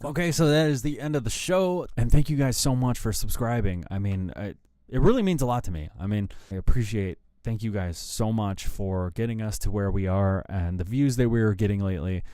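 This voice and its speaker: A man's voice: fairly low pitch, brisk, warm tone, no echo. A man hosting a rock news show, ranting angrily and swearing heavily about a band. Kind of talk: profane opinion rant.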